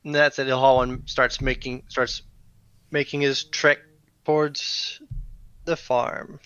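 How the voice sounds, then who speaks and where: A man playing a tabletop role-playing game, talking in a loose, hesitant way and narrating his character's moves. His voice is bright and clean. The sound is dry and slightly lo-fi. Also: mid-range voice, flat delivery, slow pace, clear, resonant tone, no echo. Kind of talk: casual tabletop game chat.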